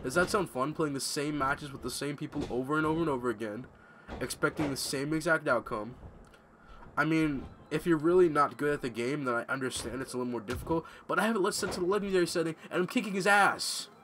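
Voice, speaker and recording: A man's voice: a little high, quick pace, fairly bright tone, slight background noise. A young man giving casual, ranting gameplay commentary at home, swearing freely. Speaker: gamer commentator. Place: home room.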